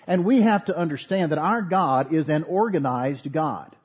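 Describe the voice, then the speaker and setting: Man preaching, sermon, husky, slightly high voice, earnest, folksy asides. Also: normal speed, lo-fi sound. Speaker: pastor.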